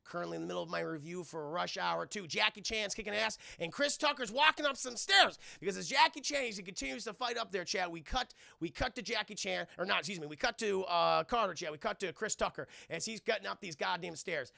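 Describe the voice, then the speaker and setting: A man recaps a film live for his chat, animated and profane, with a high, gravelly voice full of fry. His tone is bright and forceful, and the sound is dry and close with no room echo. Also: fairly quick, hardly any pauses. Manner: animated and profane, acting out characters' lines with shrill squeals; talks straight to his chat, thanking viewers. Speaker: streamer reviewing a film.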